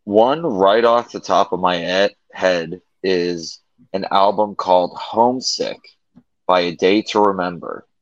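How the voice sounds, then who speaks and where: A man who wrestles professionally, a podcast guest, giving short, measured answers. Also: low-pitched, no room sound, highs cut off. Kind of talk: casual chat.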